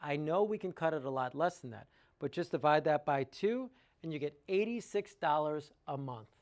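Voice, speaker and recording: A man's voice: fairly high pitch, expressive, normal speed. A man giving an informal sales talk about water treatment, working through sums aloud with enthusiasm and rhetorical questions.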